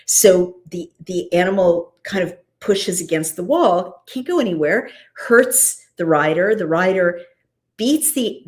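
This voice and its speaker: Woman chatting about a bible story, conversational, lots of asides, middle pitch. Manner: lively, conversational, frequent asides. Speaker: host. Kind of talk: casual scripture commentary.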